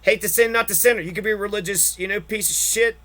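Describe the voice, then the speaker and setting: Male podcast host, very high pitch, profane, exasperated political rant. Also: fast talker, sharp tone. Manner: heavy swearing, exasperated ranting.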